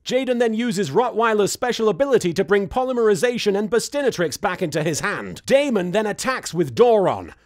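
A man's voice: high voice, big pitch swings, fairly quick, few pauses. A man recapping an anime episode in comedic commentary, with sarcastic, exasperated asides.

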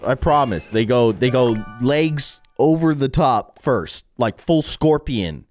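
A man's voice: mid-range voice, takes it slowly, faint music behind. A young man giving playful, goofy commentary on a video game he is playing, laughing often. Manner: goofy, laughing, animated reactions. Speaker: gaming YouTuber.

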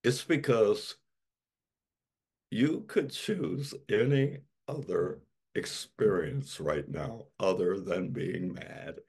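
A male pastor delivering a sermon, slow and emphatic, leaning on dramatic repetition. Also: fairly low pitch, darkish tone, slightly rough.

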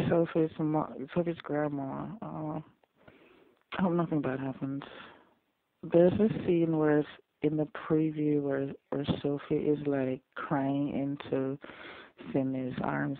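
A person reacting to a TV episode in casual audio commentary, excitable and gushing, quick to get emotional. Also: mid-range voice, gravelly, dry recording. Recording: dry, tinny phone-like sound.

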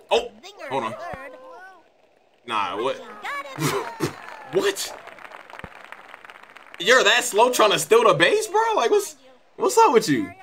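A man doing casual, excitable commentary over a baseball video game, swearing and trash-talking his own players. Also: extremely high pitch. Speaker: gaming YouTuber.

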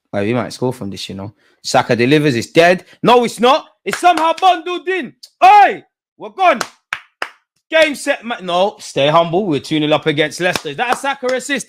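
Brief: male fan, cheeky banter, high lively voice, slight background noise. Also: normal speed. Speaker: football fan reacting. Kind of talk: live match reaction.

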